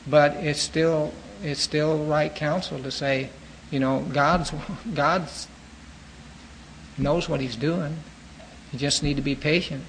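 A man's voice: a little high, steady tone, takes it slowly, pauses often, fairly bright tone, a little hiss or hum, low-quality recording. A man teaching through a book of the Bible, reading verses aloud and then explaining them in plain everyday words.

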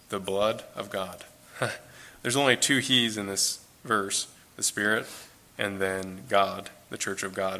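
A man's voice: fairly low pitch, sharp tone. A man giving an informal, earnest Bible teaching, talking conversationally and repeating phrases for emphasis.

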